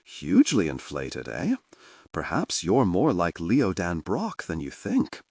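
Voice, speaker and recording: A man's voice: low-pitched, wildly swooping pitch, slow, a little mellow, husky, no echo, full character voice. A man voicing a blunt, dry-witted young woman in an audiobook. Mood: teasing.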